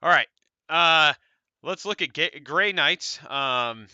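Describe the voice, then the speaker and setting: Laid-back American guy, bright and crisp. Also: on the high side, expressive, takes it slowly, no echo, muffled recording. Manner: rambling, laid-back, swears casually. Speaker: podcast co-host. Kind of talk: casual tabletop wargame discussion.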